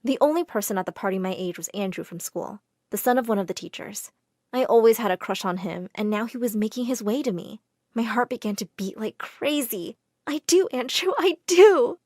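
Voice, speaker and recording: A woman narrating a first-person storytime in an expressive, dramatic way. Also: mid-range voice, fairly quick, no room sound, studio quality.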